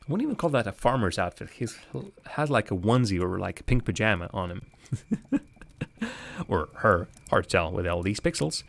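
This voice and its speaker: A man's voice: on the low side, big pitch swings, normal speed, creaky. A man giving casual, rambling commentary while streaming a game live, chatting with viewers and laughing often.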